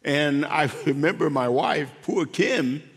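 A man giving an emotional faith testimony as an interview guest, speaking haltingly and repeating words as he goes. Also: a little high, slightly rough, big-room sound. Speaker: guest, former pro football player.

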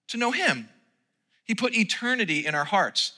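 A man's voice: high voice, very animated, normal speed, pushed and bright. A man preaching a sermon from the stage of a church, opening with a playful story and then speaking earnestly. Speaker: pastor. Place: church sanctuary. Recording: long reverb in a church hall.

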